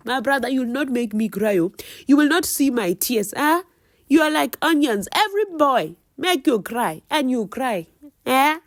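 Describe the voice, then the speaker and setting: A woman's voice: high-pitched, animated, normal speed, no room sound, clean studio sound. A woman with a South African accent chatting casually through a home cooking vlog, teasing viewers with playful life advice. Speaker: cooking vlogger.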